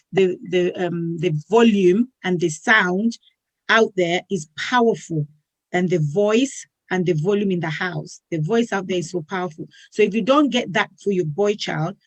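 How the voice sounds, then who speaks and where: A woman's voice: lowish voice, moderate pace, no echo, rough recording. A woman hosting a talk show, speaking earnestly and repeating words as she builds her point.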